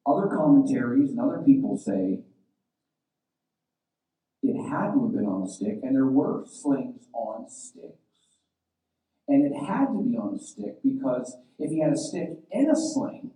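Impassioned preacher in an echoey church. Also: male voice, mid-range voice, lively intonation, unhurried, distant mic. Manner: impassioned preaching, rising to loud calls. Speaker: pastor. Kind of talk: sermon. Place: church sanctuary.

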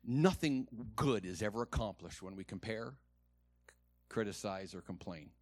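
A man preaching a sermon to a congregation, moving from quiet, earnest talk to loud, rising exhortation and having the room repeat lines after him. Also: lowish voice, lively intonation, unhurried, dry recording. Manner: calls on the congregation to repeat lines and raise hands. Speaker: pastor. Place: church.

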